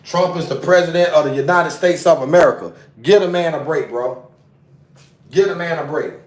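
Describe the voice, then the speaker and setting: Recorded away from the mic in a roomy space, a man rants on a casual livestream, agitated, swearing, and saying the same things over. He speaks at a normal speed, his voice a little high.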